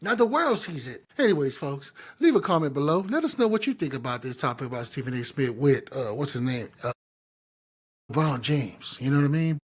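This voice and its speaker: A man co-hosting a podcast in casual chat, telling stories in an animated, slangy, profane way. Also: mid-range voice, a little fast, husky. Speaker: podcast co-host.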